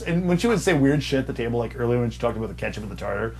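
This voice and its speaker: A young man, a server and podcast co-host, telling a profane story and acting out customers in sudden high, loud bursts. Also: racing, few pauses. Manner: animated, profane, acts out customers in raised voices. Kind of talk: casual storytelling chat.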